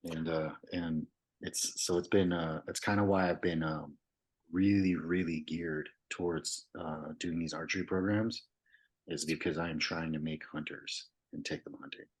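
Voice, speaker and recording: Very deep husky man. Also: fairly even intonation, moderate pace, low-quality recording. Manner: candid, loose, swears, many fillers. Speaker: podcast guest, veteran. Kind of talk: casual storytelling.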